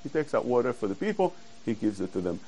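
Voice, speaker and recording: A man giving a Torah class, explaining verses earnestly and quoting Hebrew quickly. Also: medium pitch, sing-song, warm tone, slightly rough, rough recording. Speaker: Torah teacher.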